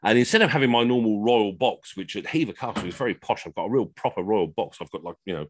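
A man's voice: on the low side, expressive, quick pace, a little hiss or hum. A man telling comic stories, chatty and rambling, over a video call. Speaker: costumed entertainer, storyteller. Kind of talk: comic storytelling.

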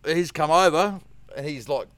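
A man's voice: on the high side, moderate pace, fairly bright tone, no room sound. A man with an Australian accent, a guest telling a story in rambling casual conversation, swearing often and leaning on fillers.

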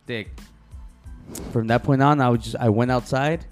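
Man, casual podcast storytelling, english-mix, swears a lot, medium pitch, faint music behind. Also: moderate pace. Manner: switches between English and Spanish, swears freely; excitable when retelling, voice rises in quoted lines. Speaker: podcast co-host.

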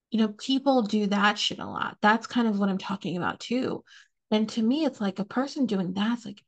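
A woman's voice: mid-range voice, gravelly. A young adult woman hosting a podcast, ranting casually and profanely, laughing often. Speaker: podcast host.

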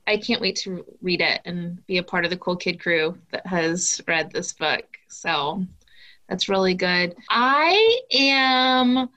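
A woman educator introducing a book on a podcast in an upbeat, unhurried way. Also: lowish voice, lively intonation, bright, forceful tone. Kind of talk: casual book chat.

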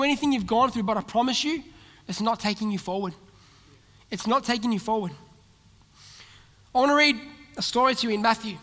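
High-voiced pastor preaching in a big hall. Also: male voice. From Australia. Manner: storytelling, acting out the characters' lines. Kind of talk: sermon. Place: large church hall. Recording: long hall reverb with music behind. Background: soft background music.

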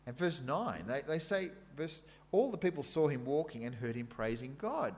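Lively Australian man preaching. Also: fairly high pitch, moderate pace. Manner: animated, conversational storytelling with dramatic readings. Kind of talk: sermon.

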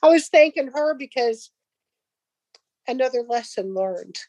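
A woman's voice: sits high, expressive, measured pace, darkish tone, no room sound, poor audio. An older woman casually telling a personal faith story, rambling with restarts and acting out the dialogue. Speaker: guest sharing a testimony.

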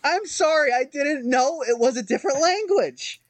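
A man with a fairly high voice, chatting as a podcast co-host. He rambles, mocks himself and keeps restarting his sentences. The sound is dry and close to the mic. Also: expressive, normal speed, dry recording. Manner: rambling, self-mocking, lots of fillers and restarts. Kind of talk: casual chat.

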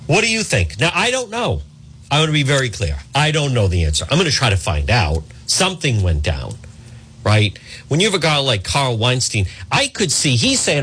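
A middle-aged man hosting an opinionated talk radio monologue, acting out quotes and often clearing his throat. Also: a little high, a little slow. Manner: animated, acts out quotes, frequent throat clearing. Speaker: radio talk show host.

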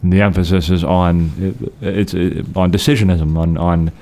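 A man co-hosting a podcast, explaining theology in a measured, conversational way with frequent restarts. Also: low voice, steady tone, mellow.

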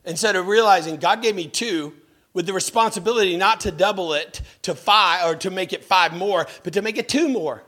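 Lively, fairly high-voiced male preacher. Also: fairly quick. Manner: lively storytelling preacher who jumps into mocking voices; asks the audience direct questions. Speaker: pastor. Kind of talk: sermon.

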